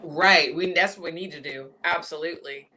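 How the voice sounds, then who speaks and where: A woman's voice: low-pitched, normal speed, pushed and bright, slight background noise. A woman hosting a boxing podcast, chatty and giggly in casual panel talk over a video call. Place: hotel room in England, on a video call.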